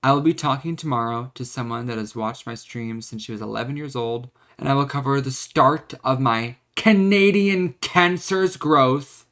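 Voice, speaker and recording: A man's voice: medium pitch, normal speed, hardly any pauses, fairly bright tone. A young man in his twenties venting in a confessional vlog, rambling, choked up and close to tears, with frequent restarts. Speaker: vlogger.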